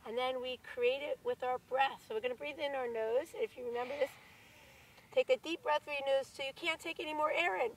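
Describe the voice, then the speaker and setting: A woman with a hoarse voice leading a children's yoga class outdoors in a park, encouraging the kids and asking them questions. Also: high-pitched, a little fast, far from the mic, a little hiss or hum, poor audio. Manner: encouraging, leads by example, asks the children questions. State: losing her voice, hoarse. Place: outdoors in a large city park.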